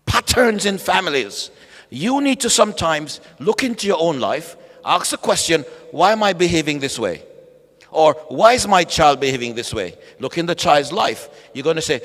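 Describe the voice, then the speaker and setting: A man preaching at a bible study, animated, calling out to the congregation and acting out voices. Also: a little high, normal speed. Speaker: pastor. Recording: echoey hall.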